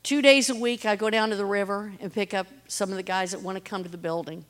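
A woman's voice: mid-range voice, fairly even intonation, quick pace. A middle-aged woman, giving an earnest personal testimony about her street ministry, telling stories and acting out what people said. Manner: earnest, storytelling with quoted voices.

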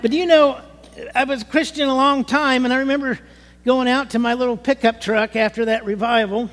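High-voiced man preaching in a reverberant hall. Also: fairly quick. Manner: animated, rising to emphatic bursts. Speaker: pastor. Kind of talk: sermon. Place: church sanctuary.

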